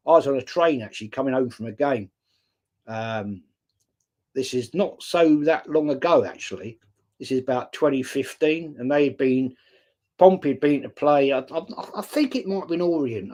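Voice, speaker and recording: A man's voice: mid-range voice, a little mellow. Chatty sixty-something English man. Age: 60s. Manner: chatty storyteller, swears casually, greets viewers by name. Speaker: live stream host. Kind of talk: casual chat reading viewer comments.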